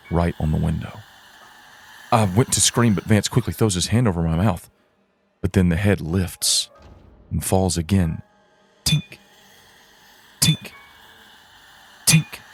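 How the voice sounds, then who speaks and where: A man telling a spooky first-person story for a podcast, halting and repeating words as he builds suspense. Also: low-pitched, gravelly, darkish tone, husky.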